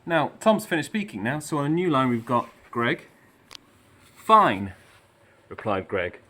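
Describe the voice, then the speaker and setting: A man's voice: fairly high pitch, lively intonation, a little fast, fairly bright tone. Man, primary teacher; encouraging, chatty delivery, slightly breathless from walking around a school, recorded on a phone. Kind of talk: recorded remote lesson instructions. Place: indoors in a school, walking between rooms.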